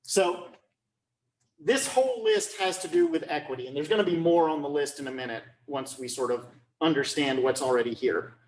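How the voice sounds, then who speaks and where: A man's voice: a little high, sing-song, moderate pace, roomy sound, a little hiss or hum. A man lecturing on law, explaining step by step and often checking whether students follow. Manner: checks understanding often, repeats phrases.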